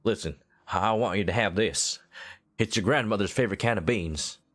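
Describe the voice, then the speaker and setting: A man voicing a glum, tearful frontier father, quiet and subdued. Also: lowish voice, moderate pace.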